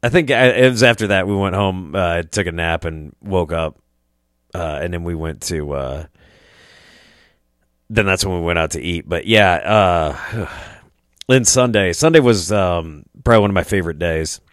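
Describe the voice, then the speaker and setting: A man's voice: deep voice, normal speed, a bit bright, no room sound, clean studio sound. A young man from Iowa telling a rambling, profane story as a podcast host, acting out the voices of people he quotes. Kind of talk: casual storytelling.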